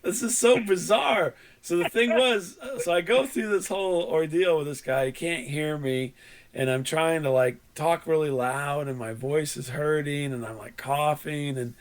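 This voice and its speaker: Hoarse man with a cold, rambling. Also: fairly high pitch, normal speed. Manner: rambling storyteller, laughs at own anecdotes. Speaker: podcast host. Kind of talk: casual chat.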